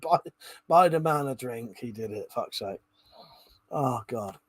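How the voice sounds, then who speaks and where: A man's voice: mid-range voice, lively intonation, a little slow, breathy edge, no echo. A drunk man hosting a live stream, rambling casually, swearing a lot and laughing often. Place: indoors at home.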